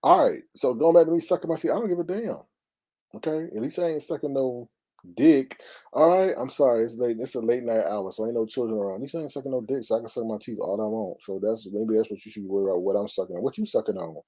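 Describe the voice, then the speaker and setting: Husky, sassy male commentary host. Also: mid-range voice, fast, dark tone. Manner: sassy, exclamatory, dramatic asides. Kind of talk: casual gossip commentary.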